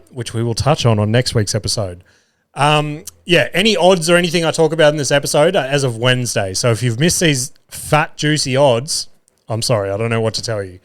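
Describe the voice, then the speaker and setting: Male podcast host, smooth clear voice, loose rambling chat, frequent cursing and filler words. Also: medium pitch. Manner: rambling, swears freely, many fillers; loses his words mid-thought. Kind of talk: solo casual chat.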